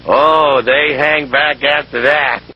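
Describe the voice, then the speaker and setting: A man with a raspy voice doing a matter-of-fact stand-up bit. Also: a little high, fairly even intonation, takes it slowly, highs cut off. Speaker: stand-up comedian. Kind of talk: stand-up monologue.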